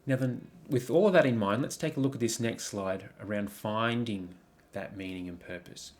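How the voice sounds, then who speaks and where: Low-voiced man coaching through slides. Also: normal speed, a little mellow. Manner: reflective, asks many questions, frequent ums and restarts. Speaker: life coach. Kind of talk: coaching presentation over slides.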